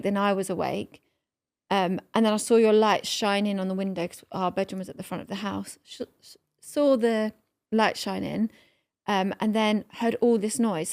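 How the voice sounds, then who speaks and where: A woman's voice: medium pitch, creaky, a little mellow. A woman in her thirties, a podcast co-host who chats casually, teases her partner and mimics him. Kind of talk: casual chat.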